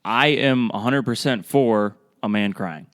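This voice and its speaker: A young man with a fairly low voice co-hosts a casual podcast chat. He speaks earnestly and sometimes stumbles, repeating a word before he finds his point. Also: a bit bright, big-room sound. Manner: earnest, a little halting with repeated words.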